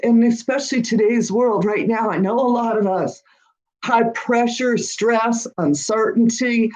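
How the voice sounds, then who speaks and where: Slow-spoken woman hosting a chatty livestream Q&A. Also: fairly high pitch, darkish tone, rough recording. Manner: chatty and encouraging, often checks in with "all right?". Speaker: host of a witchcraft channel. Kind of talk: live-stream Q&A, reading viewer comments.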